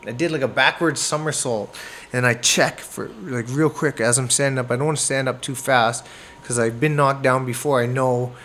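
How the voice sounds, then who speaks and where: Canadian boxer telling a fight story. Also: male voice, mid-range voice, moderate pace, slight background noise. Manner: animated, acts out moments with sound words. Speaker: boxer guest. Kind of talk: casual storytelling interview.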